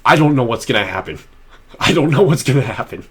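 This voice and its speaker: A man's voice: medium pitch, lively intonation, fast, a bit bright, slightly rough. A young man talking to camera in a personal vlog, rambling and restarting often, earnest and emotional. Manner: earnest and heartfelt. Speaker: vlogger.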